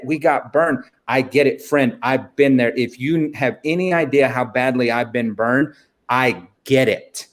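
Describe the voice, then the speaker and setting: Earnest preacherly man, speaking as a guest. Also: medium pitch. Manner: earnest, preacherly, addresses listeners as friend. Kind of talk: casual faith interview.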